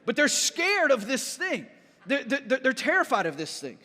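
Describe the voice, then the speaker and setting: A man preaching a sermon as a pastor, telling his story with lively repeats and a habit of asking "right?". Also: very high-pitched, moderate pace. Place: church sanctuary. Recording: reverberant church hall.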